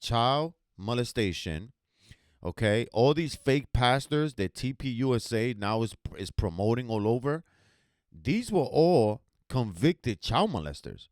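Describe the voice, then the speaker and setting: Animated, swearing male talk show host. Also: mid-range voice, measured pace, no room sound, clean studio sound. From United States. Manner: emotional, swearing, emphatic. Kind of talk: heated commentary to camera.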